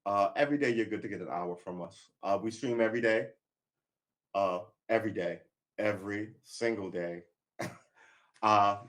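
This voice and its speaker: A man chatting casually on a live stream, rambling and making wry jokes. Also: on the low side.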